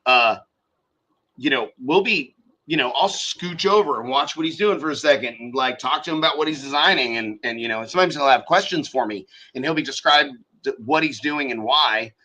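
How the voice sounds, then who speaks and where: Bright, profane man teaching software live. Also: mid-range voice, brisk, rough recording. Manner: profane, thinks aloud while working. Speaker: show host teaching design software. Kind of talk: casual live-stream tutorial.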